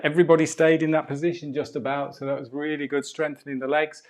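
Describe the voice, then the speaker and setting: A man leading a live online qigong and breathwork class, giving calm, drawn-out guiding cues over a video call. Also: a little high.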